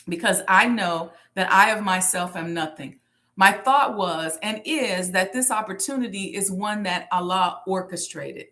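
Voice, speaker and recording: A woman hosting a motivational teaching talk, speaking emphatically and slowing down to repeat key lines. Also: medium pitch, fairly bright tone. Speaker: host and entrepreneur teacher.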